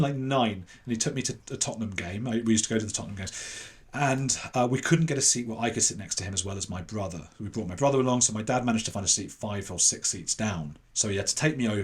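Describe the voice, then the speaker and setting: A man from London with an English accent that sits between posh and London, telling anecdotes as a podcast guest, animated, with self-deprecating asides and fillers. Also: on the low side. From London, England. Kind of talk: casual storytelling interview.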